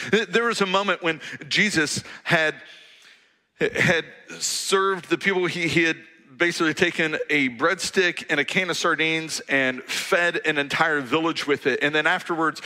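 A man preaching a sermon, telling stories with humor and lively animation. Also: high voice, long reverb tail. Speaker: pastor.

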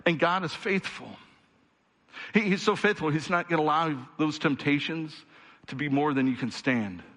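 A man's voice: a little high, normal speed. A male pastor preaching a sermon, talking straight to his congregation and building to fervent, rhythmic peaks before easing back into a conversational tone. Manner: builds to fervent rhythmic crescendos, then quiets; direct, conversational address to the congregation.

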